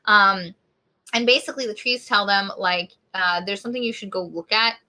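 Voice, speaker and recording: A woman's voice: mid-range voice, fairly quick, bright, forceful tone. A woman co-hosting a podcast, casually retelling a novel's plot and acting out the characters' lines. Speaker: podcast co-host. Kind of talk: casual book review chat.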